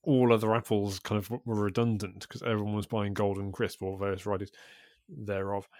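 A man's voice: on the low side, little pitch movement, brisk, darkish tone, no room sound. A man, co-hosting a podcast in casual chat, rambling and hesitant with dry understatement. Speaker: podcast co-host.

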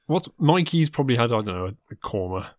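A man co-hosting a comic chat, playful and halting as he sets up scenes. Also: medium pitch, big pitch swings, no room sound, clean studio sound. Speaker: podcast co-host.

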